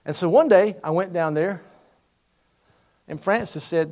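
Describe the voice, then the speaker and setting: A middle-aged man, preaching a sermon in a storytelling way that builds from quiet asides to loud, ringing appeals. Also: high voice, unhurried, pauses often. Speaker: pastor.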